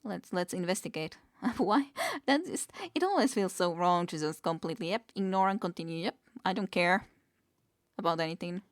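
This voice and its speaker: A woman's voice: fairly low pitch, normal speed, dry recording, studio quality. A woman streaming a game, musing aloud, reading the game text and chuckling often in casual commentary. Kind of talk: casual let's-play commentary.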